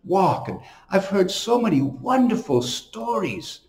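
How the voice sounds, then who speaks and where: A man's voice: sits high, very animated, unhurried, a little mellow, echoey room. A man preaching as a priest, telling stories and stressing his points with sudden emphatic bursts. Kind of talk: homily to camera.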